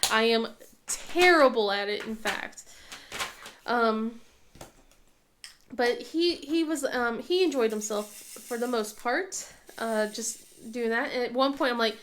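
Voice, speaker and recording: A woman's voice: on the high side, expressive, a little slow, fairly bright tone. A woman in her thirties chatting casually while crafting, telling stories with many fillers and laughs. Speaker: craft vlogger.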